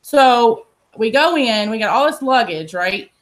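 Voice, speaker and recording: A woman's voice: a little high, animated, unhurried. A woman telling a story in a casual, blunt and profane way. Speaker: podcast host telling a story.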